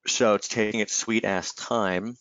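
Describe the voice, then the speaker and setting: A man with a lowish voice runs a live trading webinar and walks through charts in a relaxed, rambling way, full of "um" and "right?". He has the hiccups, and the sound is dry and slightly dull, like a close desktop mic. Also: a little slow, clear, resonant tone, no room sound. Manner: conversational, filler-heavy, frequent "right?" tags. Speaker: webinar host, market analyst.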